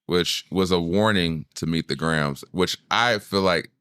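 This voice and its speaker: A man's voice: low-pitched, a little slow, a bit bright, smooth, no room sound, clean studio sound. A man co-hosting a podcast in casual chat. He tells stories with animation, acts out quotes, and swears freely. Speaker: podcast co-host.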